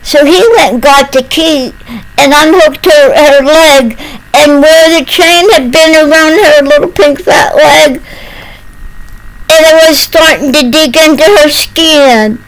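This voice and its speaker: An older woman telling a homespun story to the camera in a slow, doting, sing-song voice, slipping into baby talk. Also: sits high, gravelly, poor audio.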